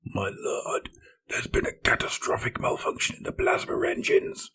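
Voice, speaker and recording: A man's voice: normal speed, pushed and bright, lightly acted. Man crying out as a panicked ship servant. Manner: frantic whispered cries.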